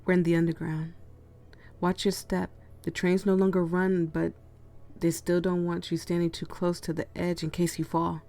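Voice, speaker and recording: A man's voice: high-pitched, monotone, normal speed, creaky, darkish tone. A woman voicing a secretive, teasing young man as a whispered role-play, reading a game aloud. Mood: hushed.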